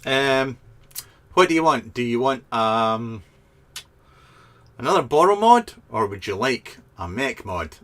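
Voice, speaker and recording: This Scottish vaping product reviewer sits in a garden shed, reading viewer comments into a webcam and joking around in a casual live chat vlog full of ums and restarts. His mid-range voice is very animated and fairly bright, and he talks slowly with frequent pauses.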